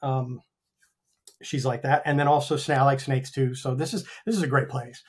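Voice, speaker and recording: A man's voice: medium pitch, fairly even intonation, normal speed, husky. American guy about fifty, rambling, swears a lot, lots of ums, chatting on a call. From United States. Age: 50s. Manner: rambling, frank, swears freely, many ums. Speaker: actor guest. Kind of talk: casual interview chat.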